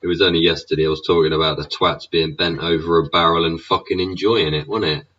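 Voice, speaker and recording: A man's voice: low voice, steady tone, fast talker, sharp tone. A man hosting his own show, ranting with constant swearing and tag questions like "innit". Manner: swears constantly, rhetorical tags like "innit" and "yeah". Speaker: show host. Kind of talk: profane ranting monologue. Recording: dull lo-fi recording.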